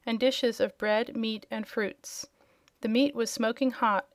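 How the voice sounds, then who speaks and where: A woman's voice: a little high, dry recording. Woman reading a fairy tale aloud. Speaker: audiobook reader. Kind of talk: storybook narration.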